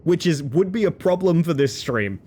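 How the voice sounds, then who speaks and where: A man, chatting excitedly as he streams a game live. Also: a little high, moderate pace, slight background noise. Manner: excitable, chatty, bursts into loud exclamations. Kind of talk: live gameplay commentary.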